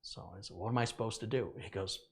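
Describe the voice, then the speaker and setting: In a tech video, a middle-aged male host casually shares a story from his working life, animatedly performing the dialogue and laughing along the way. He talks fast, with a husky voice on the low side.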